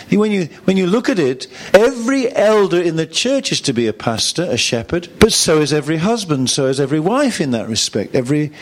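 A man preaching a sermon to a congregation in an animated, emphatic manner, often restarting his phrases. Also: on the high side. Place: church room with audience.

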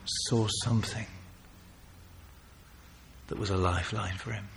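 A man preaching a sermon, earnest and pleading, swinging from loud emphasis to hushed, near-whispered passages. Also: lowish voice, steady tone, measured pace, vocal fry, slight background noise.

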